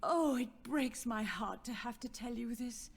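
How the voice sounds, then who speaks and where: A woman's voice: a little high, unhurried, vocal fry. Frail old mother, grieving. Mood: sorrowful. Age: older. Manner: soft, wandering, sorrowful. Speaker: game character. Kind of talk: video game dialogue.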